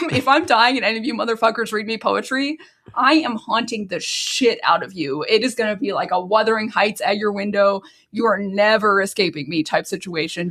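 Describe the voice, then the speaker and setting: Casting note: woman podcast co-host, sarcastic and profane, mid-range voice, lively swings in pitch. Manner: sarcastic, swearing, laughing rants. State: waiting for an edible to kick in. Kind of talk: casual podcast banter.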